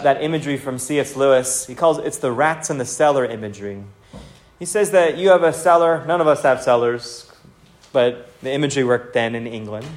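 An earnest man preaching a sermon, his voice sitting a little higher than most men's. He teaches through the passage verse by verse in a plain, steady way. He keeps turning to his listeners and speaking to them directly. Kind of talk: expository sermon.

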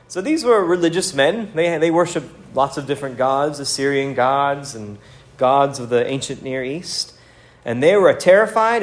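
A man delivers a sermon in a somewhat high voice, earnest and direct. He puts pointed questions to his listeners. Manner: earnest preaching with rhetorical questions and acted quotes. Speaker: pastor.

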